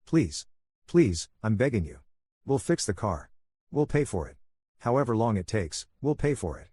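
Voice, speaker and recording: A man's voice: medium pitch, very animated, warm tone, slightly rough, dry recording, clean studio sound. A man voicing a desperate middle-aged woman who begs and pleads through tears in a spoken story. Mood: pleading. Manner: begging, tearful, rushed.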